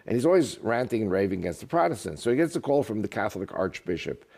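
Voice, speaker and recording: A man talking as an interview guest, an author and politician, telling jokes in an animated way. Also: lowish voice, fast talker, gravelly. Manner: animated, joking storyteller. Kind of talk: casual interview talk.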